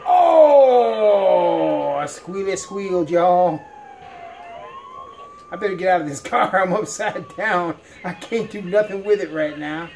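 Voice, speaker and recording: A man's voice: high-pitched, lively intonation, slow pace, vocal fry, darkish tone, a little hiss or hum. A man giving playful let's-play commentary, laughing often as he talks. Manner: playful, laughs often, folksy drawl-like phrasing. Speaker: gamer.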